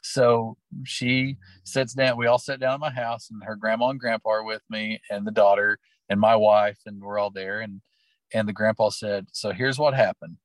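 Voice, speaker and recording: A man's voice: lowish voice, flat delivery, normal speed, dry recording, rough recording. A middle-aged man from Oklahoma, a teacher and sports coach, telling personal stories in an interview in an earnest, heartfelt, rambling way. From Oklahoma, USA.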